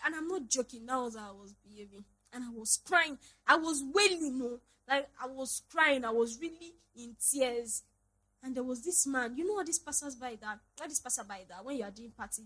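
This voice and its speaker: A young woman with a Nigerian English accent, hosting a podcast and telling a personal story in an animated, dramatic way. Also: on the high side, moderate pace, rough recording. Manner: animated, dramatic, laughing retelling. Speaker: podcast host. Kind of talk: casual storytelling monologue.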